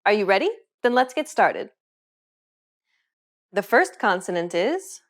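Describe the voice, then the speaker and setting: A woman teaching a scripted pronunciation lesson, explaining clearly and upbeat, modeling example words. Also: medium pitch, sing-song, measured pace, pauses often. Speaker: language teacher.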